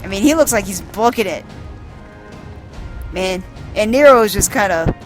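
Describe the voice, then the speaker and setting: A woman casually narrating a video game playthrough, describing the screen aloud and swearing now and then. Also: mid-range voice. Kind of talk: casual let's-play narration for blind listeners.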